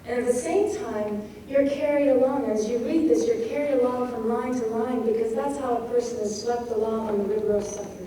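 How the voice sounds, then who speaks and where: A woman poet giving a craft talk who reads lines of a poem aloud slowly and dwells on their sounds. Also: on the high side, warm tone, slight background noise. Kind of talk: lecture on poetry craft. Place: lecture hall. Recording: echoey hall from far off.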